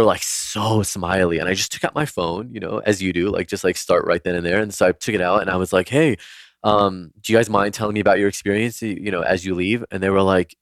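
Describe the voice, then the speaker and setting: A man with a very deep voice, recorded dry and close, tells stories as a podcast guest. He rambles casually and leans on "like" over and over. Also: no room sound. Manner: rambling, heavy use of "like". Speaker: podcast guest, spiritual healer. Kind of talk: casual storytelling.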